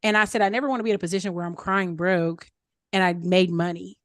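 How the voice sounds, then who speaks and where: A woman's voice: on the low side, steady tone, quick pace, dry recording, clean studio sound. A woman giving candid, chatty money and property advice, acting out the voices of people she quotes. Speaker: guest speaker answering questions. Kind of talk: casual advice talk.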